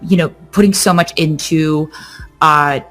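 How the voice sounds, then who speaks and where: Woman, singer on a podcast, casual chat, animated storytelling, lots of fillers, low-pitched, faint music underneath. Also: a little slow.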